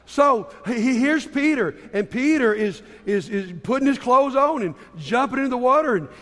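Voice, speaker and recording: Male preacher, chatty storytelling delivery, pitched high, big hall reverb. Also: lively intonation, moderate pace, fairly bright tone. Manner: storytelling, conversational, with repeated restarts. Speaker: pastor. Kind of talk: sermon.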